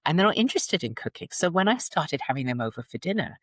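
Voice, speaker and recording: A British woman in her sixties from England, chatting as an interview guest and telling animated stories with frequent laughter. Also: low voice, fast talker, no room sound. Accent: British English. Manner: animated storytelling, laughs often. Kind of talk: casual interview chat.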